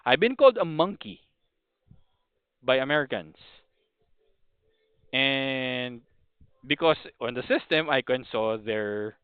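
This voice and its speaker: A podcast host with a Filipino accent talks through his opinions at a medium pitch, rambling, restarting and apologizing as he goes. His voice is smooth and clear but dry, with no room sound. It comes through a narrow, phone-like band. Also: expressive, takes it slowly, pauses often, no room sound. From Philippines. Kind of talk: casual opinion monologue. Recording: thin phone-like audio.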